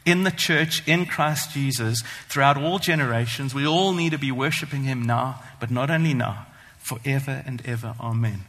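A man's voice: mid-range voice, fairly bright tone. Earnest man preaching in a reverberant hall. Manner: earnest, emphatic, slows down on scripture quotes. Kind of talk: sermon.

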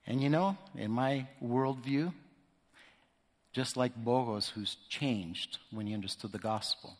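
A man's voice: mid-range voice, measured pace. A man sharing a personal testimony as a guest speaker in church, telling the story vividly and acting out the voices of the people in it. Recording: echoey hall reverb.

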